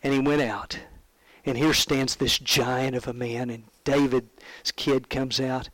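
A male preacher giving a sermon in an animated, conversational storytelling way, asking his listeners questions. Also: mid-range voice, takes it slowly, no room sound, poor audio.

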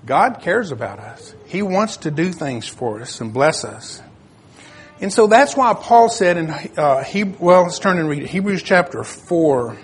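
An older man giving a sermon in a plain, conversational way, reading scripture aloud and pausing to find his verses. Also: on the high side, sing-song, a little hiss or hum. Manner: searches for verses, self-correcting. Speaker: preacher.

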